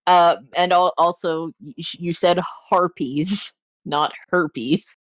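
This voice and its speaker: A woman chatting as a tabletop game player, giggling and gently correcting the others. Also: lowish voice, fairly even intonation, takes it slowly, dry recording, muffled recording. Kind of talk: casual chat among players.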